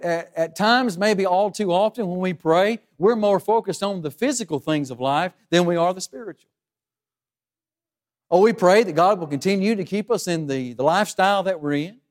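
A man's voice: high-pitched, moderate pace. A man preaching a sermon to a congregation. He is emphatic and keeps asking them rhetorical questions.

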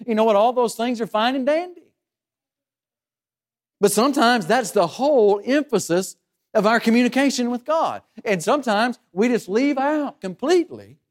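A man preaching a sermon to a congregation. He is emphatic and keeps asking them rhetorical questions. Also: high voice.

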